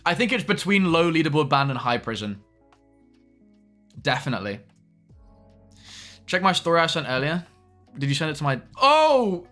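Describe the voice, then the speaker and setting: A young man streams live and chats casually, tossing quick asides to his viewers. His voice sits a little high and sounds bright and forward. Faint music plays behind him. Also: animated. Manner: chatty, quick asides to chat.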